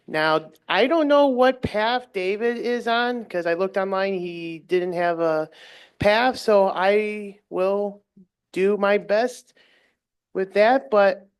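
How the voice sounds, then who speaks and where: Slow-speaking man evaluating a speech. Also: high voice, clear, resonant tone. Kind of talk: club meeting evaluation.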